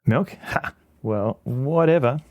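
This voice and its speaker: A man's voice: mid-range voice, slow pace, no echo, lo-fi sound. A man streaming a video game, chatting casually and joking at his own expense, often stammering and repeating words. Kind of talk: casual gameplay commentary.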